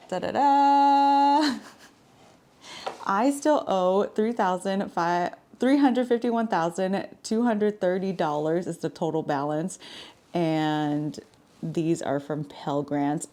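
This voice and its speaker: A woman in her thirties talks to camera in a casual, frank vlog style, her speech loose and full of filler words. Her voice sits a little low for a woman. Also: a little mellow. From Washington state. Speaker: vlogger. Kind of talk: casual chat.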